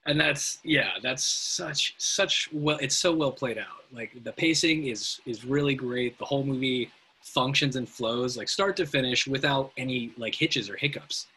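A man's voice: mid-range voice, unhurried, breathy edge, rough recording. A man hosting a casual film podcast, asking questions and agreeing with his guest. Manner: relaxed, affirming, asks guest questions, swears casually.

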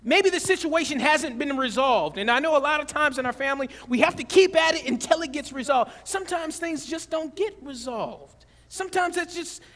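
A man preaching a sermon as pastor, telling stories with animated shifts between quiet and loud. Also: moderate pace, hardly any pauses, in a large hall. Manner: animated storytelling with big swings in pitch and loudness.

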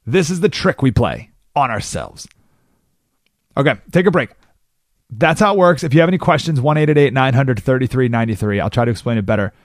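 A man talks through a radio monologue with a lively, wide-ranging pitch, dropping into quick character voices for the people he describes. The sound is dry and close, straight from a studio mic. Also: no room sound. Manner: animated, acts out quoted people in character voices. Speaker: radio talk show host.

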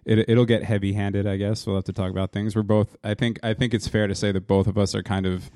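A man in his thirties from New Jersey, rambling through a casual podcast chat with many halting restarts. His voice sits very low. The recording is close and dry, made in a small home studio. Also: little pitch movement, a little mellow, no echo. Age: 30s. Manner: rambling, halting, laughs often. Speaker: podcast co-host. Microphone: podcast mic in a small home studio.

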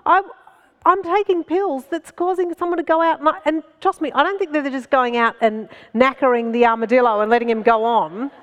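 A woman's voice: high voice, fairly even intonation, brisk, in a large hall. A middle-aged woman telling self-mocking comic stories at a festival talk, often laughing through her lines. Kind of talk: comic storytelling to a live audience. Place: festival stage before an audience.

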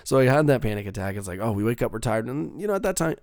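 A man's voice: medium pitch, big pitch swings, rapid-fire, a little mellow, no room sound, studio quality. A young man telling a rambling, profane story in a casual monologue, full of fillers and restarts.

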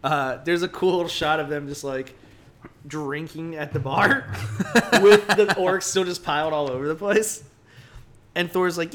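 A man's voice: a little high, a little slow. A man co-hosting a casual podcast, retelling a comic book story with lots of "like" and acted-out quotes. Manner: animated storytelling, acts out quotes, heavy "like" filler. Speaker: podcast co-host.

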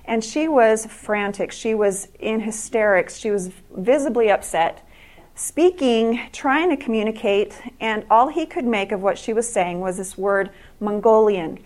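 A woman's voice: mid-range voice, a little slow, a little mellow. A middle-aged woman giving a speech to an audience, telling stories earnestly and often restarting and repeating words. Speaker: speaker at an evening event.

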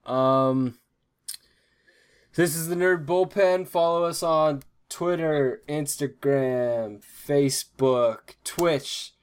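A man's voice: fairly high pitch, extremely slow, smooth. Laid-back young male podcast host. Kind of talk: casual sports chat.

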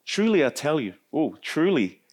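A man preaching a sermon, animated and conversational, acting out the people he quotes and often restarting his words. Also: moderate pace. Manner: animated, acts out quoted voices with big pitch jumps; many restarts and repeated words. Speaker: pastor.

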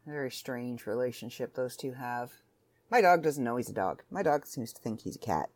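A woman's voice: a bass voice, brisk, a little mellow. A woman hosting a casual solo podcast from home, chatting in a rambling, self-interrupting way. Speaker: podcast host.

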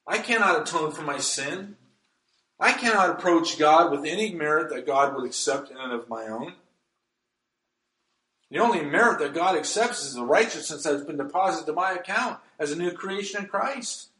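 Emphatic preaching man, highish voice. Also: expressive, moderate pace, pushed and bright, reverberant, rough recording. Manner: emphatic preaching, reads scripture aloud. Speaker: pastor. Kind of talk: sermon.

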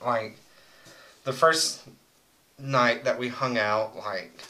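Young male co-host, loose and crude storyteller, bright edge to the voice. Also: mid-range voice, drawn-out words, low-quality recording. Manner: rambling, crude, joking storyteller. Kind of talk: casual chat.

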